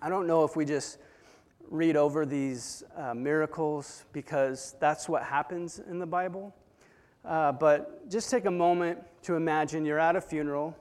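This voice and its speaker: A fairly high-voiced man preaching a sermon, telling the story with dramatic swings from hushed to loud. His voice rings with long reverb, as if in a large hall. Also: fairly even intonation, moderate pace, clear, resonant tone. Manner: dramatic retelling with swings between soft and loud.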